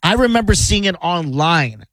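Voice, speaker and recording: A man co-hosting a radio show who chats easily and chimes in quickly. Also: sits high, big pitch swings, fairly bright tone, no room sound. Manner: quick interjections, easygoing. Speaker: radio co-host. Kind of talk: casual on-air banter. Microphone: studio microphone.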